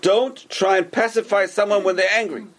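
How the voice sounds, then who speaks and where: A man teaching a Torah class as a rabbi, animated and repetitive, who keeps asking rhetorical questions and answering them himself. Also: high-pitched, moderate pace, a little hiss or hum.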